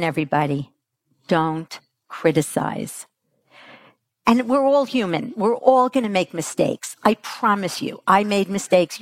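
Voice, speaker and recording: A middle-aged woman giving a motivational parenting talk to an audience. She acts out the quotes she tells, jumping her pitch for them. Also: no room sound, studio quality. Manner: animated, acts out quotes with big pitch jumps. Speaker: parenting coach speaker.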